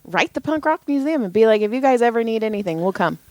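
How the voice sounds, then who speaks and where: A woman nearing fifty with a fairly high, animated voice jumps into a podcast chat with excited interjections and casual swearing. Her voice sits dry and close to the mic. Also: fast, dry recording. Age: turning 50. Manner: excitable, laughs, swears, chimes in. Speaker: podcast co-host.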